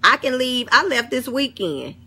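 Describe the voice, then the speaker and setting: A middle-aged vlogger with an African American St. Louis accent talks casually to camera, bluntly and with plenty of swearing. Her voice sits high and sing-song at normal speed, sharp in tone with a breathy edge.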